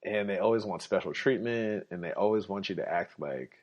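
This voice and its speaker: Blunt, sarcastic man with a low voice. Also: fairly quick, a little mellow. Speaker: podcast host. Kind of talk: casual monologue. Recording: dull lo-fi recording.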